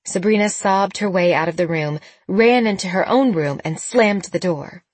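A woman narrating an audiobook in a measured, expressive reading. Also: medium pitch, breathy edge, no room sound.

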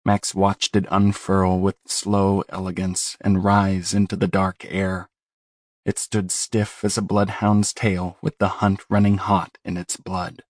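A man narrating a horror novel as an audiobook, in a measured, grave and steady delivery. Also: sits low, no echo, studio quality.

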